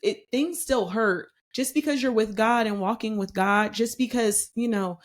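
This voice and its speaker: A woman hosting a podcast Bible study, teaching in a conversational, emphatic way and reading scripture slowly and deliberately. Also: fairly high pitch.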